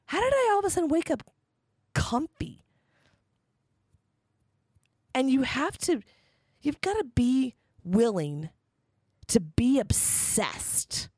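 Female podcast host, solo motivational monologue, emphatic bursts, lively intonation. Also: medium pitch, no room sound, clean studio sound. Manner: candid and rambling, with bursts of emphatic energy.

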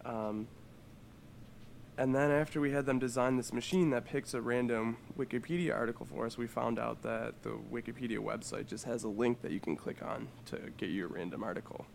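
A man's voice: medium pitch, steady tone, fairly quick, vocal fry, a little hiss or hum. A man co-hosting a comedy podcast, joking and rambling with lots of fillers. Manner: jokey, rambling, with many fillers. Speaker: podcast co-host. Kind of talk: casual comedic podcast chat.

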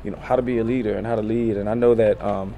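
A man in his thirties, a pro football player, answering reporters at a press conference in a loose, relaxed way, full of "you know" fillers. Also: fairly low pitch, fast, slight background noise.

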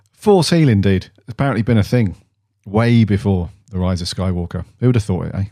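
A man in relaxed banter, dropping casual swear words as he chats through the news. His voice sits fairly low and mellow. The sound is close and dry. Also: normal speed, dry recording. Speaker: podcast co-host. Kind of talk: casual chat.

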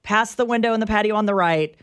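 A woman's voice: medium pitch, quick pace, a bit bright, smooth, no echo, clean studio sound. A woman co-hosting a talk radio show, bantering with wry, emphatic remarks and a ready laugh.

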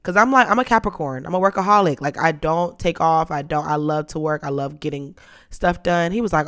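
A young woman hosting a podcast in casual chat, playful and dramatic, her voice lowered and rough from being sick. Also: fairly quick. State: sick, voice deeper than usual. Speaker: podcast host.

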